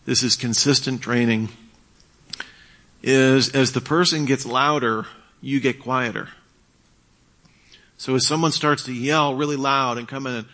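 A man giving a casual talk on leading church discussions, acting out calm, quiet replies to angry people. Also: mid-range voice, unhurried, pauses often. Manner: acts out quoted exchanges, drops to a hush for calm replies.

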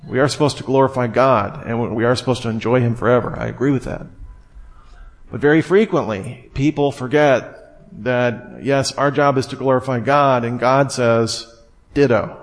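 A man teaching the Bible in a conversational sermon, with digressive asides and repeated words. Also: mid-range voice. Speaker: preacher.

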